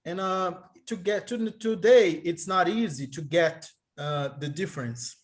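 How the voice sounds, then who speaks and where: Slow, hesitant male Greek tutor on a video call, slightly high voice. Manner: hesitant, halting, many restarts. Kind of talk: online tutoring session.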